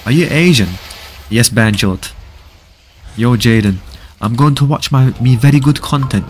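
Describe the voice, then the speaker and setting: A laid-back man hosting a live game stream, his voice sitting at an ordinary middle pitch. He reads viewers' chat out and answers it, often sliding into low mumbles. A faint background hiss stays under his voice. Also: measured pace, darkish tone. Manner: repeats short stock praise. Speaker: livestream host. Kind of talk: casual live gaming chat.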